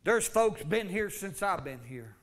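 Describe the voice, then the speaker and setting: High, bright-voiced preacher. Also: male voice, very animated, measured pace. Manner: fervent preaching, swinging from loud calls to low asides. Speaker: pastor. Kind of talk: sermon.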